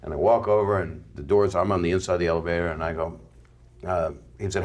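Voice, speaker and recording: A man's voice: deep voice, fast talker. A middle-aged man hosting a casual chat, telling stories and acting out the people he quotes. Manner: animated anecdote telling, acts out quoted voices.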